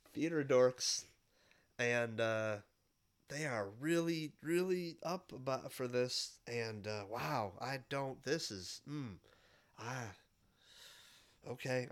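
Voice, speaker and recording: This podcast host is a man in his thirties from the Midwestern United States, and he has a cold. His medium-pitched voice sounds smooth and a bit bright as he rambles through a nostalgic, casual monologue, full of fillers and false starts.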